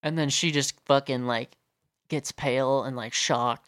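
A man's voice: mid-range voice, normal speed, clear, resonant tone, dry recording, studio quality. A young man telling a story in a casual, profane rant full of fillers. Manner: profane, animated, many fillers.

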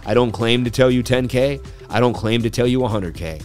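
A man's voice: mid-range voice, brisk, faint music behind. A man hosting a casual market analysis livestream, joking loosely and riffing as he talks through the charts. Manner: loose, jokey, riffs and repeats himself. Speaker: crypto livestream host.

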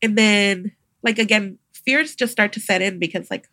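A young adult woman, a midwife guest on a podcast, telling a personal story in a casual, animated way and acting out the voices of others. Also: medium pitch, moderate pace, no echo, clean studio sound. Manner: animated, acts out quoted voices, laughs often.

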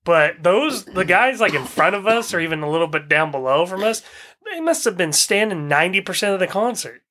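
A young man co-hosting a podcast in casual chat, animated and profane, laughing often. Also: high voice, a little fast. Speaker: podcast co-host.

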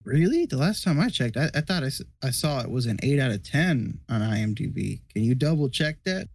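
A man's voice: medium pitch, very animated, fairly quick, a little mellow, no echo. A young man co-hosting a casual podcast, laid-back and dropping dry one-liners. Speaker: podcast co-host. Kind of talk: casual chat.

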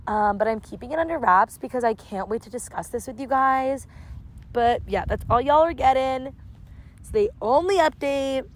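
A woman in her early twenties hosting a casual solo podcast, chatty and affectionate with lots of filler likes, recorded outdoors on a seaside lawn. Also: a little high. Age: early 20s. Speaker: podcast host.

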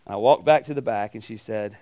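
A man preaching at a campus ministry, telling a story with animated acted-out voices and questions to his listeners. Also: lowish voice, fast. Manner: animated, acts out voices in anecdotes, asks the crowd questions. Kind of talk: storytelling sermon. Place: campus ministry meeting room.

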